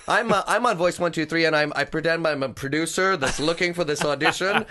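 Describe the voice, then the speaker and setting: A man speaking as a guest voice actor in a casual podcast interview, chatty and quick to laugh. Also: fairly high pitch, sharp tone.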